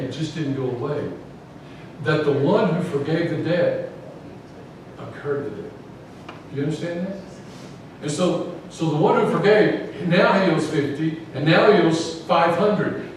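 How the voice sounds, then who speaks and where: A man preaching a casual, folksy sermon in a church and asking the congregation questions. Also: on the high side. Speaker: pastor. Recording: echoey church from far off, background noise.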